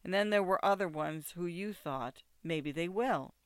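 A man's voice: high-pitched, measured pace, a bit bright, smooth, no room sound, studio quality. A man voicing a young woman, an urgent and protective friend, talking in a pleading, insistent way. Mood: earnest.

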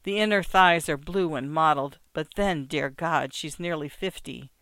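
A man narrating an audiobook in a measured, wry storytelling manner. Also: on the high side, bright, forceful tone, clean tone, no echo. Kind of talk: scripted narration.

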